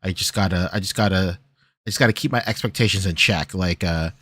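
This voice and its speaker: A man's voice: sits low, fast, a bit bright, breathy edge, no echo. A man co-hosting a podcast in casual chat, laid-back and hesitant, with many fillers and restarts. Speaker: podcast co-host.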